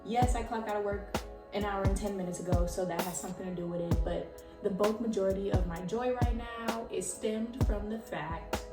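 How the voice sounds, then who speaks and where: A young woman in her twenties hosting her own podcast, excitable and chatty, full of "like" and laughs. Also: mid-range voice, normal speed, roomy sound, recorded from a distance, loud music behind the voice. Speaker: podcast host. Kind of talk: casual chat.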